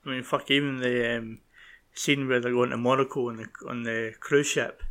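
A man's voice: medium pitch, little pitch movement, moderate pace, a bit bright. A man chiming in during a casual, sweary chat about a film.

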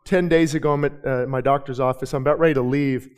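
A middle-aged male pastor preaching a sermon, moving from quiet storytelling to shouted, rising declarations. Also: mid-range voice, fairly even intonation, quick pace. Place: church sanctuary with balcony.

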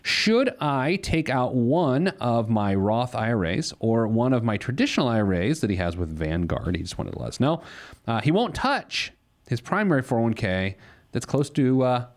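A man's voice: mid-range voice, very animated, moderate pace. Chatty man hosting a money show. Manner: joking, rambling with many fillers. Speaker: host of a money advice show. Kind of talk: casual radio show banter.

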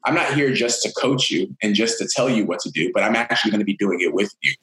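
A man's voice: on the low side, fast, a bit bright, roomy sound, low-quality recording. A man who works as a fitness coach, giving upbeat, motivational answers in an interview. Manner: upbeat, motivational, talks in long flowing runs. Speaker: fitness coach, podcast guest.

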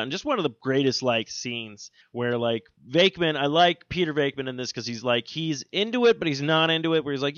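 A man chatting casually about a film as a co-host, animatedly acting out scenes in excited voices. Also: mid-range voice, clear, resonant tone, dry recording, highs cut off. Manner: animated, quotes movie lines in excited voices. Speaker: podcast co-host. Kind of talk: casual movie chat.

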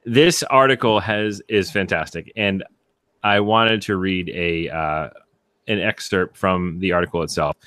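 A man with a fairly low voice co-hosts a casual chat podcast and reads an article aloud, tripping into restarts and chuckling as he goes. His voice is recorded dry, with no room sound, on a home microphone on a call. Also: fairly bright tone, dry recording. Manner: halting restarts, chuckling while reading. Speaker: podcast co-host.

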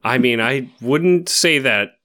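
A man's voice: medium pitch, animated, slow, sharp tone, slight background noise. A man co-hosting a podcast, answering his partner with dry, wry interjections in casual chat. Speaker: podcast co-host.

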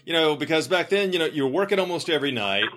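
A man's voice: a little high, animated, fast, noisy background. A man hosting a podcast, laughing often and restarting his questions as he chats with a guest. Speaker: podcast host. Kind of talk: casual interview chat.

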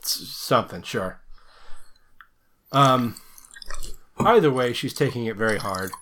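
A man talks through a horror movie plot on a podcast, in an unhurried, rambling way with many ums and restarts. His pitch swings up and down expressively as he laughs at the absurd scenes. He jokes crudely and keeps it loose. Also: animated, sharp tone, slight background noise. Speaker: podcast co-host. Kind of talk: casual movie review chat.

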